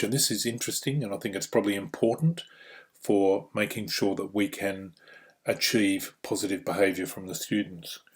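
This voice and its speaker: Australian man, somewhat low voice, course trainer, instructional narration, explanatory, fillers like "um". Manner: explanatory, with frequent "you know" and "um".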